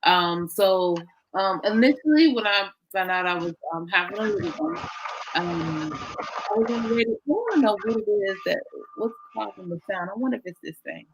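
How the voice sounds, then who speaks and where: Lively storytelling woman on a call. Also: mid-range voice, normal speed, a little hiss or hum, low-quality recording. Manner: animated, acts out her own quoted lines. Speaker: interview guest. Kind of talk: casual storytelling interview.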